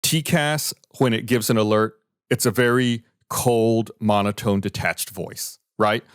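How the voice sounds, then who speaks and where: A man with a somewhat low voice talks through events on a podcast. He explains and reads report findings in a loose, conversational way. The sound is dry and close, with no room around it. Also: fairly even intonation, unhurried, clear, resonant tone, no room sound. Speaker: podcast host. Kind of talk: casual podcast discussion.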